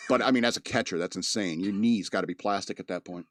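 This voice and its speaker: A man's voice: low voice, quick pace, fairly bright tone, slight background noise. A man giving a casual, rambling movie review. He laughs often and acts out the characters' lines.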